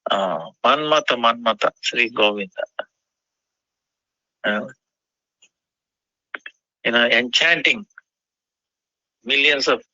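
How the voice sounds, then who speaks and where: A man telling a devotional story in a halting way, often pausing with "you know". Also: mid-range voice, expressive, pushed and bright, dry recording, dull audio.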